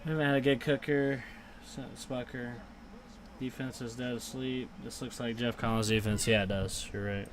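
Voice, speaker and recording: A man's voice: medium pitch, moderate pace, background noise. Frustrated young man streaming a game. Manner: frustrated, swears, talks back to chat; bursts into excited cheering on big plays. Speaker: live reaction streamer. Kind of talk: live fan reaction to a football game.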